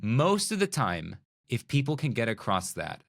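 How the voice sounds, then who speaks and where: A middle-aged man, a magician and speaker, talking as a podcast guest in a playful, animated way that acts out little scenes of dialogue. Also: mid-range voice, normal speed, creaky. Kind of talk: animated conversational interview.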